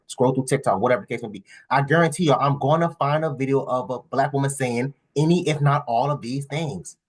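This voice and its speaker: A man with hosting a reaction video, animated and emphatic, laughing and swearing as he comments. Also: medium pitch.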